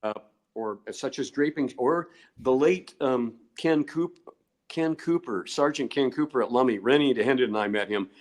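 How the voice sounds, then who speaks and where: Older male interview guest; digressive, chuckling storyteller at an average pitch. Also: normal speed. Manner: rambling, digressive, chuckles often. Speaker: guest researcher.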